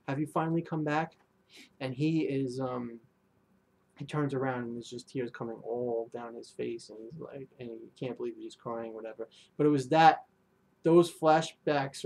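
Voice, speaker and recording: A man's voice: mid-range voice, darkish tone. A young man reviewing an anime episode in a casual, rambling way, full of fillers and restarts.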